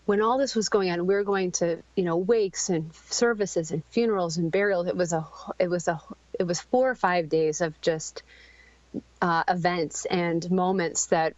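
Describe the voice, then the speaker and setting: A middle-aged woman pours out a raw personal story as a podcast guest, halting often and restarting her sentences. The recording is dry and a bit dull, with no room sound. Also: lowish voice, darkish tone, no room sound. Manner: halting, searching for words, many ums and restarts.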